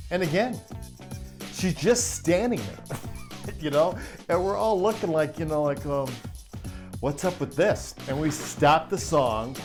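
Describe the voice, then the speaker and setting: A middle-aged man who works as a live sound crew chief, telling a backstage story in a chatty, laughing way. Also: a little high. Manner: chatty, laughing, acts out quotes. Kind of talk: storytelling anecdote.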